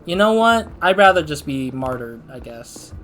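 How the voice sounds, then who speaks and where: A man's voice: fairly high pitch, big pitch swings, moderate pace, fairly bright tone. Young male let's-player, casual self-deprecating commentary, faint music behind. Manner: self-deprecating, laid-back. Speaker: gaming channel host.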